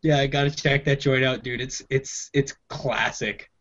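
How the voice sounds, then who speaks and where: A man's voice: medium pitch, steady tone, normal speed, a bit bright, highs cut off. A man co-hosting a movie podcast in casual chat, laid-back and swearing freely. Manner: laid-back, swears, says dude a lot. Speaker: podcast co-host.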